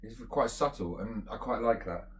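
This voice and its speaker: Laid-back male beer reviewer, lowish voice, rambling and unscripted, faint background hiss. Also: normal speed. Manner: relaxed, rambling, thinks aloud with fillers. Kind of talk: casual beer tasting chat.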